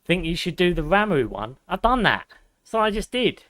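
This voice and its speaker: As he plays a video game live, a young gaming streamer chats casually with his audience, reads chat out loud, and swears now and then. His high-pitched voice is fairly bright and swings widely in pitch at a moderate pace. Game music plays behind him, with no echo.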